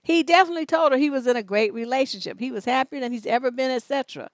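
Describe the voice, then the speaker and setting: Cursing advice lady reading letters, higher voice, dry close sound, no nonsense. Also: very fast, no room sound. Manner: blunt, profane, scolding. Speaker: relationship coach.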